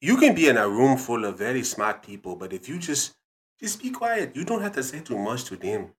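A stern, lecturing man with a put-on African accent hands out sayings like a strict elder, as a man puts him on for a podcast bit. He speaks with command and keeps pressing his listener to say they understand. His voice sits in a middling pitch. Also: sing-song, brisk, natural voice. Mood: scolding. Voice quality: commanding, repeats questions to the listener.

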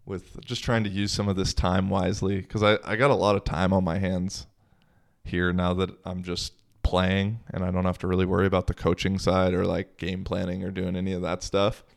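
Laid-back, slangy young man, lowish voice. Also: flat delivery, normal speed, creaky. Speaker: podcast host. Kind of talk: casual solo podcast monologue.

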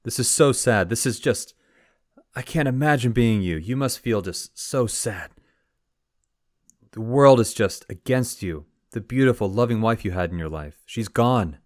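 A man voicing a crowd of excitable, melodramatic villagers in an exaggerated, gushing way. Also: fairly low pitch, moderate pace, no room sound, clean studio sound, natural voice. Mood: pitying.

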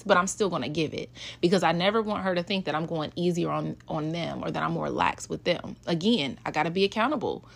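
A woman's voice: lowish voice, creaky. A woman, a mother talking casually and emotionally about raising her kids. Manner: chatty, emotional, switches into voices when quoting. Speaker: mother sharing parenting experience. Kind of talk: casual personal talk to an audience.

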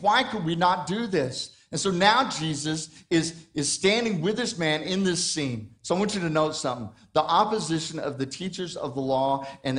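Man, pastor, sermon, slightly higher voice, questions the congregation, repeats words. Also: fairly bright tone. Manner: conversational preaching, asking the congregation questions; frequent restarts and repeated words.

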